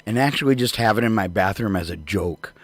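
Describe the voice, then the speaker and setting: A man's voice: on the low side, expressive, a little fast, no room sound. An older man co-hosting a casual morning radio show, rambling through jokes and laughing often. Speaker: radio co-host.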